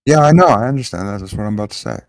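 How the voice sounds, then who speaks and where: A man's voice: on the low side, racing, crowd noise. A young man hosting a casual livestream chat, swearing freely and ranting in rambling bursts. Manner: profane, rambling, animated rants. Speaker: show host.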